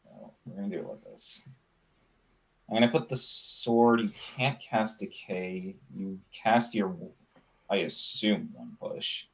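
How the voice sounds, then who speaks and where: A man playing a card game match, thinking out loud and hesitating as he works out his moves. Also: fairly low pitch, takes it slowly, gravelly. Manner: thinks aloud, hesitant, working out plays. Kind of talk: casual tabletop play talk.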